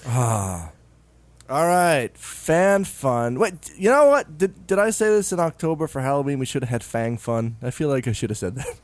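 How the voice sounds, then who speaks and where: A man's voice: medium pitch, very animated, normal speed, no echo. A man co-hosting a comedy podcast in casual chat, playful and full of puns. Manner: goofy, punning, playful. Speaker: podcast co-host.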